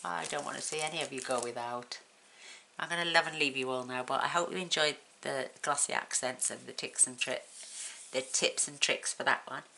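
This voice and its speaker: A woman's voice: rumbling low, brisk, creaky, pushed and bright, poor audio. A woman from the UK hosting a casual crafting tutorial, chatty and counting items aloud as she works at home. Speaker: craft channel host.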